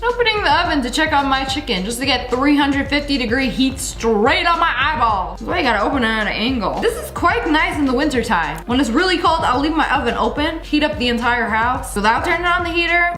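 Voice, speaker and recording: A woman's voice: high-pitched, expressive, fairly quick, echoey room, over music. A woman hosting a reaction video, making jokey and exaggerated comments on clips.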